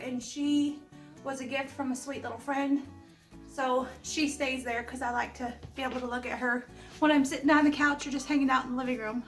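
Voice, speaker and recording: This is a middle-aged woman's home decor vlog, shot casually in her living room, with her high-pitched, fairly bright voice. Homey and chatty, she drifts into small asides and coughs now and then, being a little ill. A camera close to her captures it and is moved around mid-talk.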